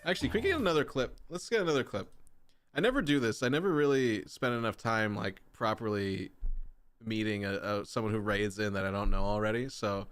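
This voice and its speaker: Over game music, a man with a smooth, lowish voice livestreams a video game, talking fairly quickly with no room sound. He banters casually with viewers, joking, rambling and poking fun at himself.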